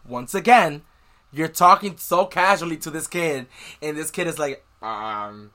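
Animated man recapping a book. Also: a little high, normal speed. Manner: animated, acts out characters' lines. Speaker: podcast co-host. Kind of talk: casual book recap chat.

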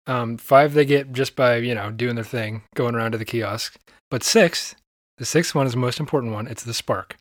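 A man co-hosting a podcast in casual chat, relaxed and thoughtful, laughing often. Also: medium pitch, normal speed, dry recording, clean studio sound. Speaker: podcast co-host.

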